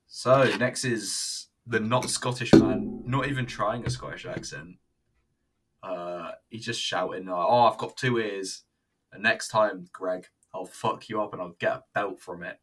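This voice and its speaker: Man, low voice, forceful, casual sweary commentary. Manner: blunt, sweary, rambling with restarts. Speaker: wrestling reviewer. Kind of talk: casual commentary over footage.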